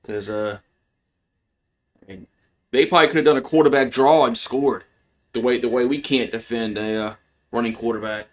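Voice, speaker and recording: A frustrated fan calls a football game play-by-play on a livestream, rambling, restarting, and now and then swearing. He speaks at normal speed with fairly even intonation and long pauses, but his voice jumps high and loud on big plays.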